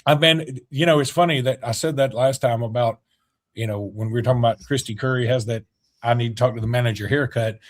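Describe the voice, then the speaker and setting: A man, co-hosting a casual sports podcast, animated and jokey. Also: medium pitch, fast. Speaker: podcast co-host.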